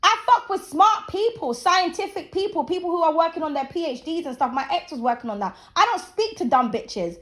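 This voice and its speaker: High-pitched woman in her 30s going off to camera, blunt and sweary, preachy rant. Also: animated, a little fast, hardly any pauses, fairly bright tone. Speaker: channel host. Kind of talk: casual opinion rant to camera.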